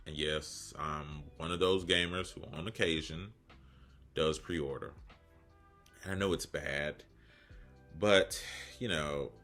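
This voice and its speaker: A man in his thirties with an extremely deep voice that still has a bright, forward edge, talking through a casual video essay. He rambles off on joking side tracks and pokes fun at himself, with faint music underneath. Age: 30s. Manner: rambling, joking asides, self-deprecating.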